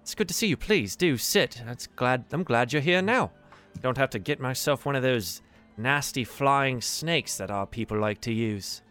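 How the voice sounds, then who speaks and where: A man's voice: mid-range voice, lively intonation, fairly bright tone, soft background music, close to an everyday voice. A man voicing a suave old adventurer. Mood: welcoming. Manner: smooth, courteous, measured. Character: suave retired male adventurer, faction contact.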